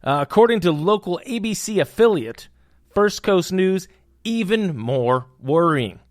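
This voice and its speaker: Young man, podcast host, comedic news commentary, slightly high voice, dry close sound. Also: expressive, measured pace, no echo. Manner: jokey, punning, hyped asides.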